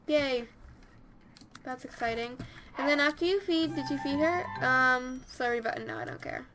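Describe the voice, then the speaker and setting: A woman giving casual let's-play commentary, chatty and easily excited, talking straight to her game characters. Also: high-pitched, normal speed. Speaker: gameplay commentator.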